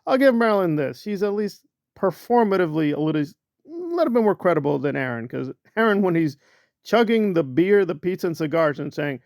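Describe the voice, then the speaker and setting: A man delivers sarcastic, mocking commentary, stretching out words for comic emphasis. His voice is gravelly and sits a little high. The recording is dry and close. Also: very animated, fairly quick, darkish tone, dry recording. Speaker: commentary channel host.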